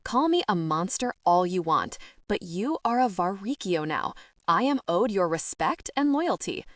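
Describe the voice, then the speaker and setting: A woman's voice: big pitch swings, measured pace, no room sound. Female narrator reading a cold smug mafia king, middle-aged man, purring threats, dry booth. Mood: commanding. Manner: menacing, low purring taunts. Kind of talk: audiobook character reading.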